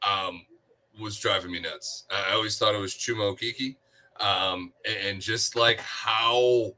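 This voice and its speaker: A man co-hosting a casual sports chat, breaking down plays in a measured way with frequent restarts. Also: on the low side, steady tone, sharp tone. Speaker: sports podcast co-host.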